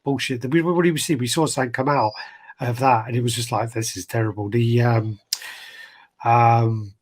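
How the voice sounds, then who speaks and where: A man's voice: mid-range voice, steady tone, normal speed. A man co-hosting a casual chat about collectible statues, blunt, swearing freely and laughing often. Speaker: collectibles show co-host.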